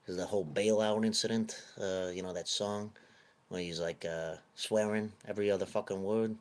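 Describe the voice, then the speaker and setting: Man for a comic vlog rant in a put-on Italian-American mobster accent, low-voiced, profane, rambling wise-guy swagger. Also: fairly even intonation, normal speed. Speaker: vlogger.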